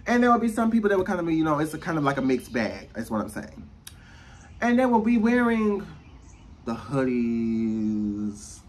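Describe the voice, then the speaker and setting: A man's voice: fairly high pitch, slight background noise. A man with an American accent delivering a profane, sassy rant to camera, slipping into mocking voices. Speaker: vlogger. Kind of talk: ranting monologue.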